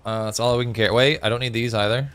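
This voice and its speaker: A man's voice: mid-range voice, fairly even intonation, quick pace, a bit bright, smooth. A man chatting casually with viewers on a live gaming stream, reading out chat messages with lots of fillers. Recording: faint music behind.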